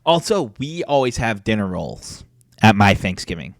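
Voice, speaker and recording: A young man in casual podcast chat, animated and opinionated, swearing casually. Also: on the low side, normal speed, vocal fry, no room sound, studio quality. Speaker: podcast co-host.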